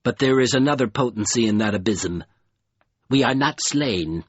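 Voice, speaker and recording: A cold, dusky crawling creature made of mud, heaving out grave and halting words, as a man reads it in an audiobook. The voice is husky, and the recording sounds dull and close. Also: mid-range voice, expressive, dry recording. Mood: mournful. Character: slimy mud-creature, cold and fearful, pleading. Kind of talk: audiobook character voice.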